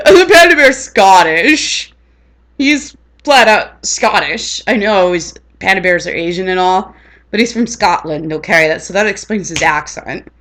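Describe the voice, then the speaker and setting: A woman's voice: mid-range voice, animated, a little slow, fairly bright tone. A woman rambling in casual chat on her vlog, laughing often. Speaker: vlogger.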